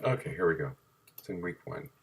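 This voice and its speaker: A man reading a timeline of dates from his notes, halting and correcting himself as he goes. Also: low voice, sing-song, creaky, breathy edge. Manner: halting, self-correcting, reads dates aloud.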